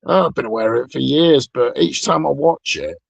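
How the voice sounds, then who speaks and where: Gravelly sweary British man ranting. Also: medium pitch, brisk, dry recording, lo-fi sound. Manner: sweary, digressive, sardonic. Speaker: streamer. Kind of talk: rambling casual rant.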